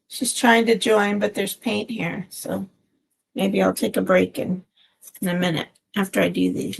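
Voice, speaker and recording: A woman's voice: medium pitch, flat delivery, normal speed, gravelly, a little hiss or hum. A woman hosting a casual craft live stream from home, chatting in a meandering way with lots of fillers, recorded on a phone. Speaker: craft channel host.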